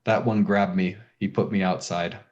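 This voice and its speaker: A man voicing a calm, weary male water dragon in a tabletop game, speaking slowly and solemnly over a dull lo-fi recording. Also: low-pitched, close to an everyday voice.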